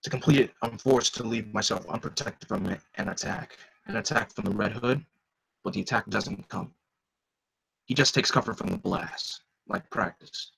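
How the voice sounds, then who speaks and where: A man voicing a grim, focused adult male caped vigilante, reading a comic aloud in a low, measured inner monologue. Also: creaky, fairly bright tone, slightly rough, heavily acted, poor audio.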